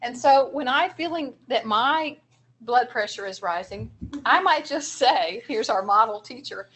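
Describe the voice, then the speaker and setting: A woman with a fairly high voice presents a seminar on guiding young children's behavior. She explains each strategy patiently, giving examples for practice. A faint room hum sits underneath. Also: expressive, a little slow, fairly bright tone. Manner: explanatory, encouraging, talks through examples. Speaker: early childhood trainer.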